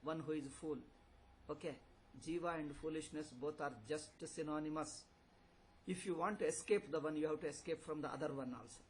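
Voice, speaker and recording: A man teaches a scripture class as a swami. His voice sits high, and he drives his points home with rhetorical questions and repetition. A faint hiss of noise sits under the recording. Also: low-quality recording. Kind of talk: philosophy lecture.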